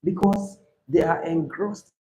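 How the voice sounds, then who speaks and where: A man teaching an IELTS speaking class, animated and emphatic, often checking in with "right?". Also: on the high side, takes it slowly, poor audio. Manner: animated, rising to emphatic points, asks "right?". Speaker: IELTS tutor.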